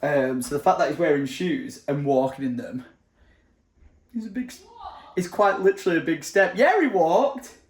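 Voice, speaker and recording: A man's voice: on the high side, normal speed, slightly rough, poor audio. A man, chatting casually through a home vlog and cheering on his toddler. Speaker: vlogger.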